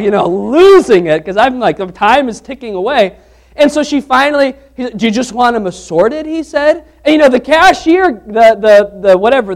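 A man with a strikingly high voice preaches to his congregation in a church. He talks like he is chatting with them, breaks into everyday stories and restarts his sentences as he goes. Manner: conversational, animated storytelling with restarts. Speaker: pastor. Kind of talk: sermon with humorous personal anecdote.

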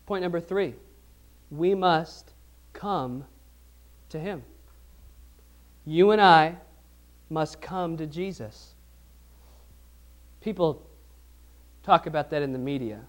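A man's voice: a little high, a little slow, long pauses. A man preaching a sermon as pastor, asking the congregation questions and repeating phrases for emphasis.

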